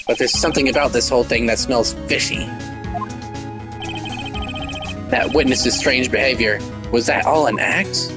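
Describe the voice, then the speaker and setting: A man's voice: mid-range voice, natural voice. A man voicing an earnest young lawyer. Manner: earnest, determined inner monologue. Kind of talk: voice acting a game playthrough.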